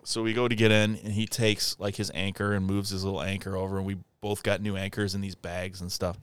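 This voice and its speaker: Male podcast co-host, smooth, dry-sounding storyteller who swears a lot. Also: deep voice, fast, no echo. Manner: animated storyteller, swearing, acting out a friend's angry yelling in a raised voice. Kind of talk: casual storytelling chat.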